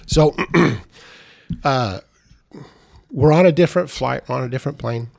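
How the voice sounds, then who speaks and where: A middle-aged man speaks as a podcast guest, with a gravelly voice at an ordinary pitch. He tells his story in a halting, casual way and often repeats his words. The recording is close and dry, with no room sound. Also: a little mellow, no echo.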